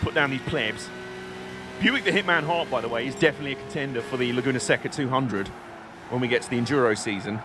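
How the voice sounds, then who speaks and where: A man's voice: medium pitch, fast talker, noisy background. A British man streaming a racing game, chatting casually and joking with his viewers while he drives. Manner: chatty, joking, reads chat aloud. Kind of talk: casual live-stream commentary.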